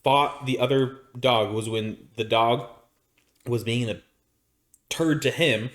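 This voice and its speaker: A man from Arizona who co-hosts a podcast, spinning a long anecdote in casual chat. His voice sits at an ordinary middle pitch, and he rambles along with plenty of restarts and fillers. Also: slow pace. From Arizona, United States. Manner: rambling, animated storyteller with many restarts and fillers. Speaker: podcast co-host.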